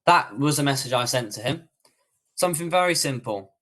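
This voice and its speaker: A man's voice: medium pitch, lively intonation, a little fast, fairly bright tone. A man with a British accent answering viewer questions on a livestream tutorial, in a casual, rambling way with many fillers and restarts. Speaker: online coach.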